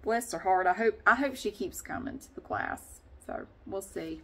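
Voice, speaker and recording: A woman's voice: mid-range voice, moderate pace, fairly bright tone, husky. A woman vlogger chatting casually and rambling, often laughing as she talks. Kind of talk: casual vlog chat.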